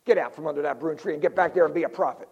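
A man's voice: a little high, rapid-fire, darkish tone, slightly rough, dull audio, voice pushed down. A man voicing a strict father who harshly scolds his son to get back to work. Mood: scolding.

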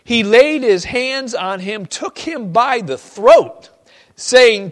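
A male pastor preaching a sermon to a congregation, reading scripture and moving between loud emphasis and quiet, personal asides. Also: extremely high pitch, lively intonation, takes it slowly.

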